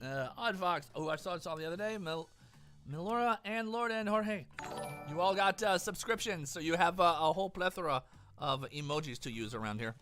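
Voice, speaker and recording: Lively, bright-voiced male game streamer. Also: normal speed, faint music behind. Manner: animated, reads game lines aloud in a lower voice. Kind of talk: live game stream commentary.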